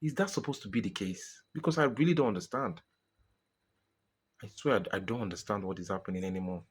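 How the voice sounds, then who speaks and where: A man's voice: fairly low pitch, fast, husky. A Nigerian man venting in a frustrated personal monologue to his viewers, exasperated and pleading, often repeating himself. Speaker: vlogger.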